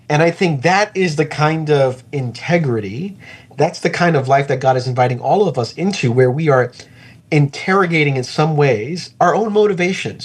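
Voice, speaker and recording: A man's voice: fairly high pitch, husky. Reflective, earnest middle-aged man pastor. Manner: reflective, earnest, slows down to stress points. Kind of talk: faith interview conversation.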